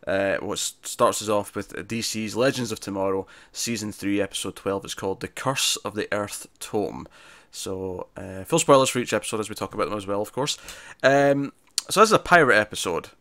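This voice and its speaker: Bright-voiced man reviewing TV episodes. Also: on the low side, moderate pace, dry recording. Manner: chatty, rambling with frequent restarts. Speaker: podcast co-host. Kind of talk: casual TV review chat.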